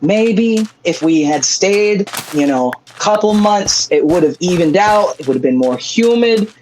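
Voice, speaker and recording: A playful streamer rambling through jokes and silly asides in relaxed chat over a game. The voice sits at an ordinary middle pitch. It has a light bed of noise behind it. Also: a little slow, poor audio. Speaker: streamer, co-host. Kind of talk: casual chat while gaming.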